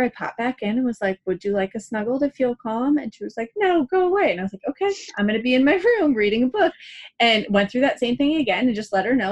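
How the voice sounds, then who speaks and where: A young adult woman hosting a parenting show, chatting casually, acting out quoted dialogue and using "like" a lot. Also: fairly high pitch. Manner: chatty, acts out quoted dialogue, many "like" fillers. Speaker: parenting podcast host. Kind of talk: casual advice chat.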